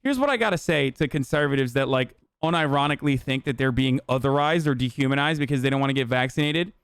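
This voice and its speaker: A man's voice: medium pitch, fast, fairly bright tone, clean tone, no echo. A young man streamer ranting heatedly and profanely in live-stream commentary, reading posts and mocking them.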